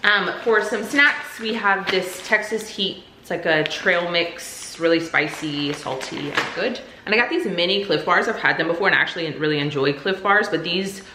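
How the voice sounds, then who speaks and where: A woman's voice: on the low side, moderate pace, hardly any pauses. A woman chatting casually through a grocery haul in an upbeat, chatty way with lots of fillers. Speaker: vlogger. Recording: echoey room, faint noise.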